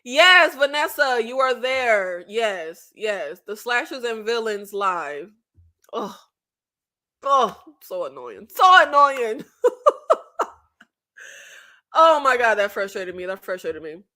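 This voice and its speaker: A YouTube host talks slowly to her subscribers in a casual live chat, leaving long pauses. Her voice is high and bright, and she speaks in an animated, unfiltered way, cursing freely and circling back through fillers and restarts.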